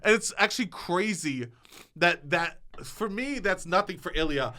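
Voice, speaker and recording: A man co-hosting a podcast, chatting excitedly and laughing a lot, sometimes acting out bits for a joke. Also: high-pitched, moderate pace. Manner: animated, laughs a lot, jokingly acts out a character. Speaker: podcast co-host. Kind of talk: excited casual chat.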